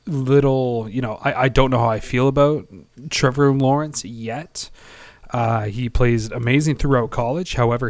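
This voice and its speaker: A man's voice: mid-range voice, no room sound. Rambling man on a sports podcast. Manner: rambling, halting, self-deprecating. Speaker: podcast co-host. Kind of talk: casual sports podcast chat.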